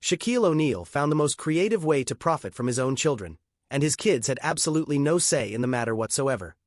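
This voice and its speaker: A man's voice: medium pitch, lively intonation, quick pace, no echo, studio quality. A man giving scripted narration with a punchy, setup-style delivery.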